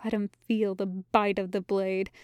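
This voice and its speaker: A woman voicing a malicious male voice in someone's head, slow, hissing and coaxing. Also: medium pitch, little pitch movement, a little mellow, clean tone, dry recording, clean studio sound, lightly acted. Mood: menacing.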